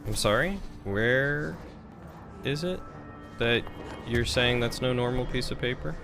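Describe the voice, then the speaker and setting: Male streamer, rambly and chatty, mid-pitched voice. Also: measured pace, music in the background. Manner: chatty, rambling, thinks aloud. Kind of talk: casual game commentary.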